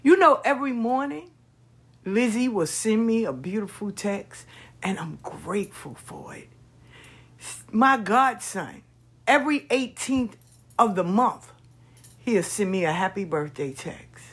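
A woman hosting her own podcast, telling stories in a casual monologue that swings from hushed asides to loud, drawn-out emphasis. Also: medium pitch, animated, breathy edge. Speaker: podcast host.

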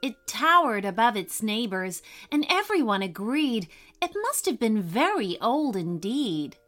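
A woman narrating a scripted children's story in a gentle, expressive way. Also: fairly high pitch. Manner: gentle, slow and expressive reading.

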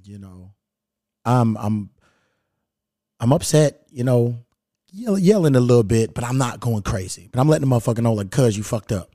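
A man hosting his podcast alone, telling a story in a laid-back, profane, animated way. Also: medium pitch, moderate pace, pauses often, no room sound, clean studio sound. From Louisville, Kentucky. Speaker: podcast host. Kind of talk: casual solo storytelling. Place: at home.

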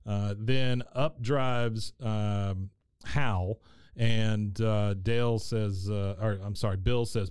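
A man's voice: lowish voice, steady tone, slow pace, a little mellow, smooth, no room sound. A man hosting a casual recap chat, telling the story in a meandering way, full of fillers. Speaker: podcast host.

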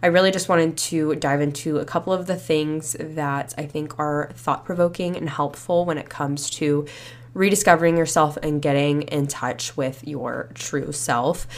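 A woman's voice: deep voice, fairly even intonation, normal speed. A young woman hosting a solo podcast, chatty and reflective, a bit stuffy and short of breath after a cold. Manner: chatty, reflective, many fillers like "you know" and "like". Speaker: podcast host. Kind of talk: casual solo podcast talk.

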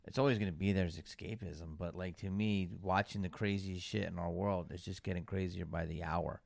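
A blunt, cursing man co-hosting a comedy podcast, with a gravelly, fry-edged voice sitting a little low. The sound is dry and close to the mic. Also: steady tone, brisk, dry recording. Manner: blunt, profane, teasing. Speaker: podcast co-host. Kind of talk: casual comedy podcast chat.

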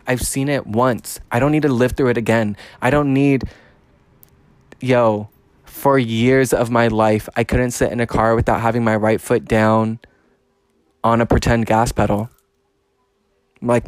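A man talks into a close mic in his casual podcast monologue, blunt and full of swearing. His voice sits at a medium pitch and climbs higher as he gets worked up. The sound is dry, with no room echo. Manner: blunt, profane and emphatic, rising in pitch when fired up. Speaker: podcast host.

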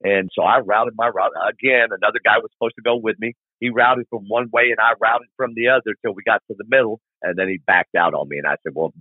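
Telling stories in a podcast interview, a middle-aged long-distance motorcycle rider uses a fairly low, husky voice and acts out every scene in a lively, colloquial way. His remote line sounds tinny, thin and dry, like a phone call.

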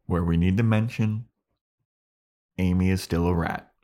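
A man co-hosting a podcast, giving a casual and animated retelling of a TV episode. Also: low-pitched, a little slow. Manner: animated retelling, laughs often. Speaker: podcast co-host. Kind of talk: casual chat recapping a TV episode.

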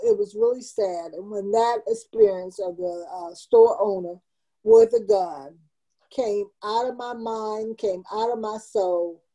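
An older woman in her seventies speaks as an interview guest, recounting her life with earnest, heartfelt emphasis. Her voice sits fairly high but sounds warm and mellow. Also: gravelly, poor audio. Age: 70s. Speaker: guest, community founder. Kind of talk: personal storytelling interview.

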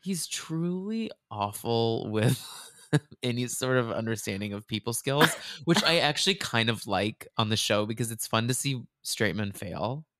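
A man joins a podcast, his voice bright and bouncing all over its range. The sound is dry and close, and he laughs often while acting out what other people say. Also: mid-range voice, measured pace, no echo. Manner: animated, laughing, acts out quotes. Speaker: podcast guest. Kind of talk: casual chat.

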